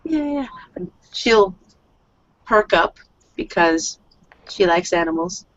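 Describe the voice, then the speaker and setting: A woman narrates her character in a tabletop role-play session, rambling, swearing and giggling. Her voice is lowish and expressive at a slow pace, on a dull, lo-fi, dry recording.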